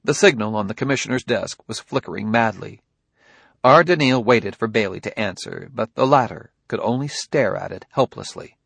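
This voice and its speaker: A man narrating an audiobook in an expressive reading voice. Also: lowish voice, moderate pace, creaky, slightly rough, no room sound.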